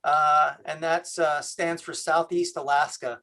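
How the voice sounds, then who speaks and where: A man from Canada hosting a video call, talking in a halting way with many fillers. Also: a little high, little pitch movement, sharp tone. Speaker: host.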